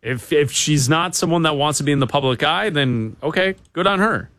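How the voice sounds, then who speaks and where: A man's voice: a little high, normal speed, fairly bright tone, no echo. A man co-hosting a sports talk radio show in a studio, with dry, sarcastic banter.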